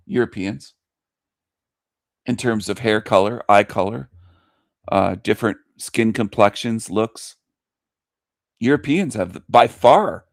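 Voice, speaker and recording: A man's voice: fairly low pitch, dry recording, clean studio sound. A man hosting a radio show, delivering an opinionated monologue with emphatic repetition and frequent chuckles. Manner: emphatic, repeats himself, chuckles between lines.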